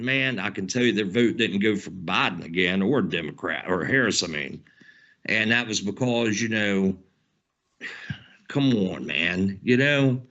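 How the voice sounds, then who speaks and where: A man's voice: medium pitch, bright, forceful tone, highs cut off. A man with a Southern American twang hosting his own channel, delivering a heated, profane, rambling political rant and leaning on "man" as a filler. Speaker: channel host.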